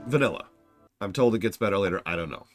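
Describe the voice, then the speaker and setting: A man's voice: sits low, lively intonation, fast talker, soft background music. A man giving casual stream commentary as a game reviewer, blunt and sarcastic, acting out scenes with theatrical flair.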